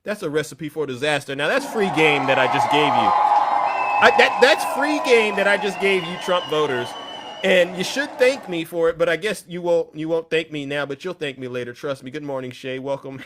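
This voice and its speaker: Animated, boastful man hosting a livestream. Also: on the high side, normal speed, a crowd in the background, background noise. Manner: boastful, animated, shouts at times. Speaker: livestream host. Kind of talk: livestream talk.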